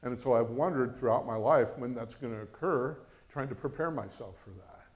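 A man preaching a sermon as pastor, animated and acting out quoted voices. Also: mid-range voice, moderate pace, highs cut off.

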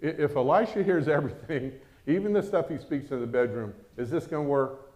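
A man preaching a sermon in a lively, conversational way, often breaking in with exclamations. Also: on the high side, a little fast.

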